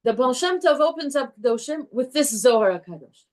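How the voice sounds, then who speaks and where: Animated woman teaching a Torah class. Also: high-pitched, fairly quick. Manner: animated, warm with students, restarts often.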